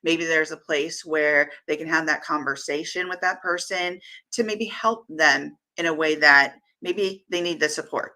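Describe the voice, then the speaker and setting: Woman podcast host, low-ish bright voice, thoughtful, chatty. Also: unhurried, rough recording. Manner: reflective, reads listener comments aloud. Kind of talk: casual podcast conversation.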